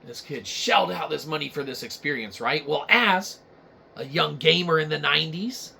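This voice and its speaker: A man's voice: fairly high pitch, moderate pace, gravelly, pushed and bright, slight background noise. A man hosting a comedy show, ranting crudely and rambling with lots of swearing. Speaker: show host. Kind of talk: profane comedic rant.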